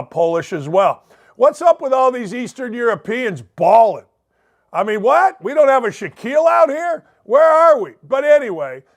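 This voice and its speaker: A middle-aged man hosts a sports talk show in a casual monologue. His voice sits high for a man. He rambles, cracks jokes and drifts off topic before coming back. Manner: rambling, joking, digressive.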